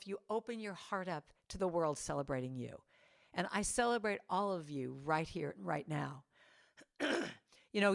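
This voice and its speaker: Lively woman giving a spiritual talk on a video call. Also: on the low side. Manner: animated, acts out quotes in playful voices. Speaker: guest speaker and singer.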